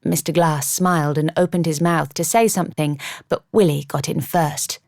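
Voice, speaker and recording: A woman reading a first-person novel as an audiobook narrator, in a measured, wry storytelling manner, close to the mic. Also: low-pitched, fairly even intonation, vocal fry, darkish tone, no room sound.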